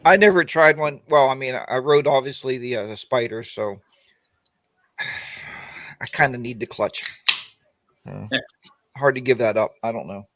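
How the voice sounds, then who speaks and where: A man's voice: medium pitch, a little slow, pauses often, a bit bright. A man hosting a casual live chat, rambling and joking, often starting sentences over. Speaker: podcast host.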